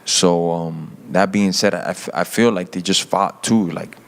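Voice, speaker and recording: A man's voice: low voice, fairly even intonation, moderate pace, gravelly. A man, a fighter, answering interview questions hesitantly with lots of fillers. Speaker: MMA fighter.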